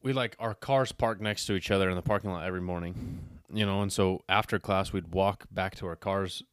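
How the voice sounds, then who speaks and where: A man's voice: low voice, fairly even intonation, brisk, clear, resonant tone, no echo, studio quality. A man chatting casually on a podcast, telling a laid-back story and mimicking the people he quotes. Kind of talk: casual chat.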